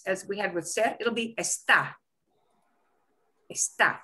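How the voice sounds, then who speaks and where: A woman teaching a beginner Spanish lesson, slowing down to stress words and checking in with "okay?" often. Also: a little high, bright, forceful tone.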